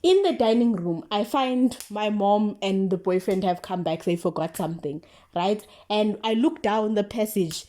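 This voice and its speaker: Young South African woman, casual storytime vlogger; mellow, animated, slangy delivery with lots of filler words. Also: medium pitch, moderate pace.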